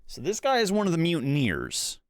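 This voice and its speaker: Animated man streaming a puzzle game. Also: on the high side, a little fast, dry recording, studio quality. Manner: animated, thinking aloud, mild swearing. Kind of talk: casual gameplay commentary. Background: loud game music.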